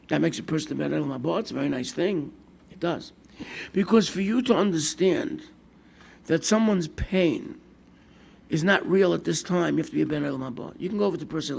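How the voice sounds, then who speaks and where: An older American rabbi with a fairly high, gravelly voice and a breathy edge talks fairly quickly during a Torah class. He tells sermon stories and acts out the characters, with lively quoted asides and a mix of Hebrew and Yiddish terms.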